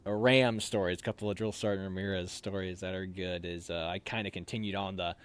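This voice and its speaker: A young man telling army stories in a casual chat, animated and laughing as he acts out lines. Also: low voice, fairly quick, smooth.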